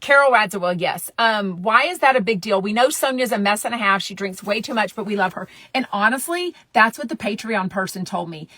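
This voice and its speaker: A woman's voice: mid-range voice, a bit bright, dry recording. A woman, hosting a casual gossip podcast in a chatty, blunt, profane way, sometimes dropping to a whisper. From Texas. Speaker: podcast host.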